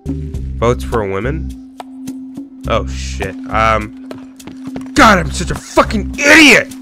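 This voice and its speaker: A young man giving goofy, profane, excitable commentary while playing a video game. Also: medium pitch, takes it slowly, long pauses, soft background music. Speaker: gaming YouTuber. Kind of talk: casual gaming commentary.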